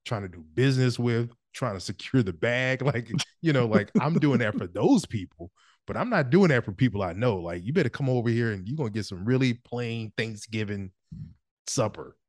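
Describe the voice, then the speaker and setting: A man's voice: mid-range voice, animated, moderate pace, dry recording, clean studio sound. A man co-hosting a sports podcast in casual chat, teasing and laughing often. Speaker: podcast co-host.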